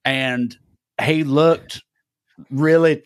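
A man with a Southern US accent, a comedian co-hosting a podcast and telling a story in casual chat, animated and jumping high when he gets indignant. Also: very slow, dry recording, clean studio sound. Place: podcast studio.

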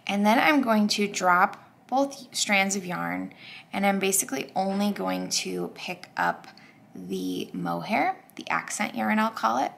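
A woman's voice: medium pitch, vocal fry, fairly bright tone. A woman hosting a crochet tutorial, talking through each step in a chatty, upbeat way with frequent fillers.

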